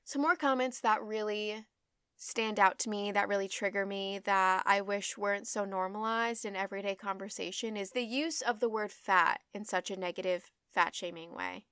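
A woman's voice: mid-range voice, moderate pace, a bit bright, clear, resonant tone, no room sound, studio quality. A young woman hosting her own podcast, talking bluntly and emphatically, swearing freely and repeating her points to drive them home. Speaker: podcast host. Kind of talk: solo podcast monologue.

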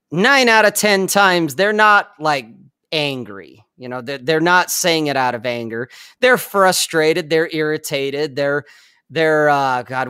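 A man's voice: medium pitch, pushed and bright, clean tone, dry recording, clean studio sound. A man co-hosting a podcast, chatting casually, swearing freely and rambling with frequent laughs. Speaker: podcast co-host. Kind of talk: casual chat.

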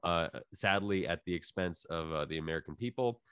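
A man's voice: low voice, brisk, a bit bright, smooth, no echo, studio quality. A man hosting a casual podcast, rambling with lots of fillers and restarts and laughing easily. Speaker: podcast host.

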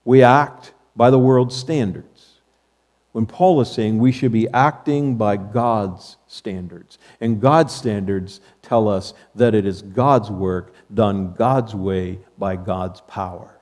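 A man's voice: on the low side, slow, darkish tone. A male pastor delivering a sermon to his congregation, repeating key phrases emphatically and quoting scripture. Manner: emphatic preaching with repetition. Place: church sanctuary.

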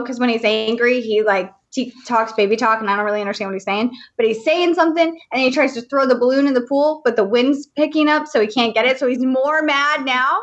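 A higher-pitched woman co-hosting a podcast, who tells a story in an animated, chatty way. Her audio sounds somewhat muffled and lo-fi. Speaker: podcast co-host. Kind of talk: casual chat, storytelling.

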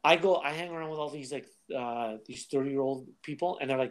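Male comedian, podcast co-host, casual and animated storyteller. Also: mid-range voice, brisk, few pauses. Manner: animated storytelling, acts out voices.

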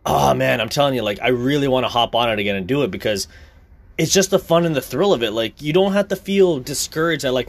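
A man's voice: medium pitch, quick pace, vocal fry. A young man talking casually, blunt and profane, in a heated rant.

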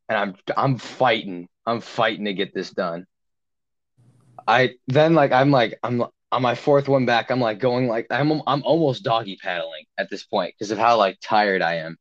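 A man's voice: medium pitch, moderate pace, highs cut off. Rambling young man telling a story. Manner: rambling, with many fillers and restarts. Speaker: podcast co-host. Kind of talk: casual storytelling chat.

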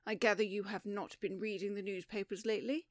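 A woman voicing a gallant, self-assured young gentleman who speaks in a brisk, lofty and emphatic way. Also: mid-range voice, steady tone, no echo, clean studio sound, lightly acted.

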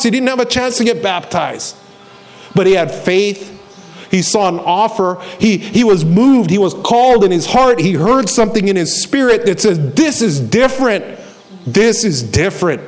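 Preaching a sermon, this man narrates the story and performs the voices of the characters, hammering home key phrases through repetition. His voice is high, animated and a little mellow, at a moderate pace.

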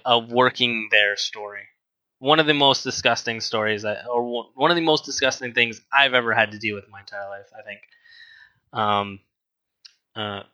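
A man's voice: medium pitch, pushed and bright, no echo, dull audio. A man in casual chat, telling a rambling work story with restarts and acted-out dialogue.

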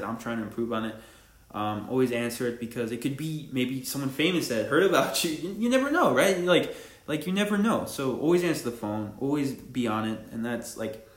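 A young man hosting his own podcast, rambling casually in slang and laughing at himself as he talks about barbering. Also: mid-range voice. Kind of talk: casual solo podcast monologue. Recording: echoey room.

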